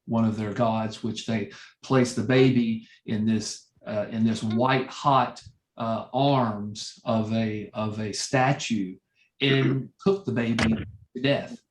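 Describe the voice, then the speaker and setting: Slow-talking man leading a Bible study. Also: lowish voice, steady tone, reverberant, slight background noise. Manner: slow, thoughtful explaining with fillers. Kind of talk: church Bible study discussion.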